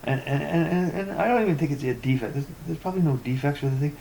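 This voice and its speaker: A man's voice: on the high side, fast talker, vocal fry, warm tone, slight background noise. Exasperated, stammering man ranting. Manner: rambling, stammering repetitions; sarcastic and exasperated. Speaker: tech vlogger. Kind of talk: ranting commentary reading forum posts.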